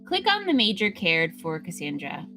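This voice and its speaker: A woman chatting casually while playing a game, playful and quick to laugh. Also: lowish voice, huge pitch swings, bright, forceful tone, soft background music. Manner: giggly, playful, lots of laughing. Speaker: game streamer.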